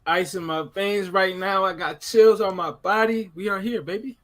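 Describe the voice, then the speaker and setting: A male guest on a sports podcast, excitable and emphatic. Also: high-pitched, normal speed. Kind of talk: casual sports talk.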